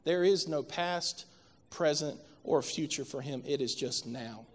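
A man preaching a sermon as a pastor, telling a family story and building to loud, impassioned preaching. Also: fairly high pitch, a little slow. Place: church sanctuary. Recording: reverberant church hall.

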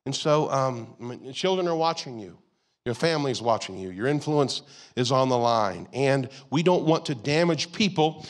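A man's voice: mid-range voice, animated, normal speed. A man preaching a sermon as a pastor in a church, in a conversational style with lots of "you gotta" and "like". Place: church auditorium.

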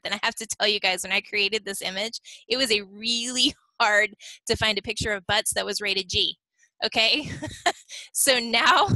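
A woman's voice: a little high, sharp tone, no room sound, low-quality recording. A woman leading a team meeting on a video call, upbeat and chatty, checking in often with "okay?". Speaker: team leader.

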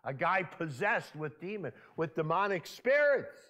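Lively, bright-voiced preacher man. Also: fairly high pitch, measured pace. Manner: conversational, asks the congregation frequent questions. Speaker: pastor. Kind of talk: sermon. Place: church sanctuary.

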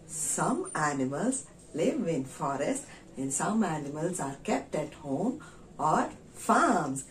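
A woman teaching a children's lesson in a slow, sing-song teacher voice. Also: fairly low pitch, a little hiss or hum.

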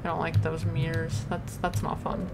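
A woman's voice: sits low, monotone, normal speed, darkish tone. A woman commenting on her horror gameplay, nervous and easily startled, often talking back to the game. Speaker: let's play host.

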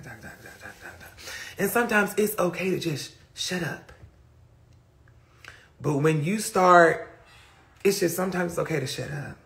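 Young male streamer, gravelly and sharp-toned, loose and repetitive, phone mic. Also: sits high. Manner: rambling, repetitive, trails off into mutters; reflective, self-questioning. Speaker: live-stream host. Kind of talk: casual live-stream rant.

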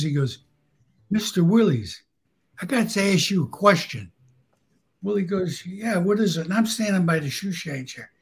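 A man tells stories as a guest, his voice fairly high and husky. He tells crude, animated anecdotes and acts out each quoted person. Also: low-quality recording. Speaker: guest storyteller. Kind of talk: casual storytelling.

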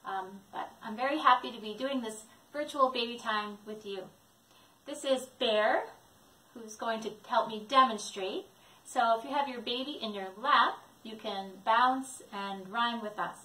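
High, bright sing-song woman librarian. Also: moderate pace. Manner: gentle, sing-song, encouraging. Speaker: children's librarian leading baby time. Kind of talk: singing songs and rhymes for babies. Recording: echoey room, distant mic.

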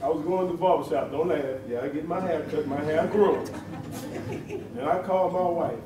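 Man with a Louisiana accent, folksy emotional eulogy, slightly high voice, roomy sound from a distance. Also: normal speed, background noise. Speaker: family member giving a eulogy. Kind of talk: heartfelt funeral tribute. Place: funeral home chapel. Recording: echoey livestream from far off.

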